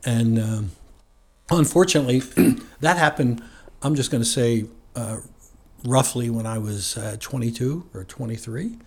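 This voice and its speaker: A man from New Jersey sits as a guest and tells his own story at an easy, meandering pace. His voice sits at an ordinary middle pitch. He talks in a loose, conversational way and often chuckles as he goes. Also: a little slow, creaky, slightly rough. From New Jersey, USA. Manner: relaxed and rambling, with frequent chuckles.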